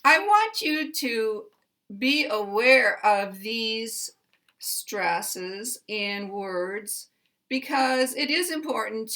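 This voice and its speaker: A middle-aged American woman gives a pronunciation lesson at a very unhurried pace. Her voice is bright and clear-edged. She enunciates with care and says each example word twice. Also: mid-range voice. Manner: deliberate, carefully enunciated, repeats example words. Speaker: pronunciation teacher. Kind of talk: slow instructional explanation.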